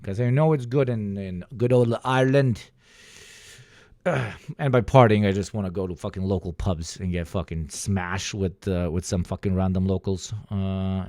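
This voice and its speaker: Streamer, male, lowish voice, dry close sound, swears a lot and restarts sentences. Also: a little mellow, dry recording. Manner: rambling and profane, with stammered restarts. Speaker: live streamer reacting to videos. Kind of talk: casual stream chatter.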